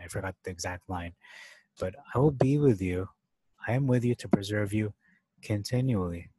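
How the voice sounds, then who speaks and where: A man's voice: low voice, dark tone, husky, no room sound, poor audio. A man talking through a Bible passage in a loose, thinking-aloud way, with many fillers and restarts and stressed key words. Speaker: Bible teacher. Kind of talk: casual scripture study talk.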